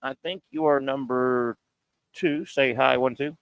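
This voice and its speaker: A man's voice: mid-range voice, steady tone, a little slow, clean tone, dry recording. A man hosting a sports talk show, ranting combatively with pointed rhetorical questions, broadcasting from a bar and grill. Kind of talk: sports talk radio rant.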